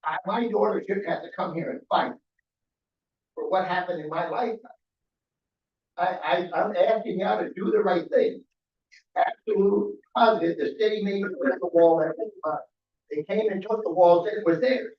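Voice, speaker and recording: A man's voice: sits high, moderate pace. A middle-aged man giving public comment at a council meeting, aggrieved and pleading, repeating himself as he makes his complaint. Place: council chamber. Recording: roomy, distant, dull chamber audio.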